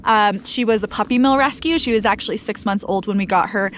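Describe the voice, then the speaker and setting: A woman's voice: medium pitch, brisk, a bit bright, a little hiss or hum. A young woman vlogging casually outdoors by a mountain lake, chatty and upbeat, talking to the camera and giving commands to her dog. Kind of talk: casual vlog talk to camera.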